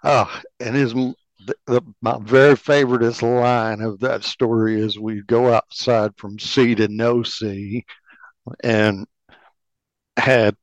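A male host drifts into casual memories in a slow, rambling, folksy way. The recording is dry and close, with a dull, lo-fi tone. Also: medium pitch, steady tone, dry recording. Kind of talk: casual reminiscing.

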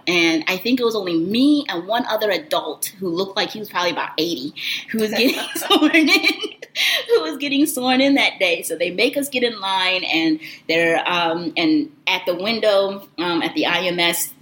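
A woman telling a personal story in an animated, expressive, conversational way. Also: fairly low pitch, slight background noise, poor audio.

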